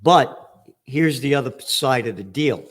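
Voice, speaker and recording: An older man rants about the news in an angry, profane, emphatic way. His voice sits at an ordinary middle pitch for a man. He punches key words and mocks what he reads out. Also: expressive, a little slow. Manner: angry, profane, emphatic ranting with sarcastic mock quotes. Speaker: trends forecaster hosting a news commentary. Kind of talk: ranting news commentary.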